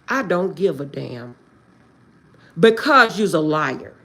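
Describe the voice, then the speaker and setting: A woman ranting on a livestream, close to tears and swinging between outbursts and quiet prayers. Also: sits low, sing-song, slow pace, long pauses. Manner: agitated, swings between shouting and tearful prayer. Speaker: livestream host. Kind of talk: emotional livestream rant.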